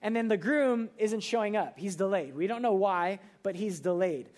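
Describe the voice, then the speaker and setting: A young man preaching a sermon in a casual, conversational way, full of fillers and quick acted asides. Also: sits high, lively intonation, darkish tone. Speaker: pastor.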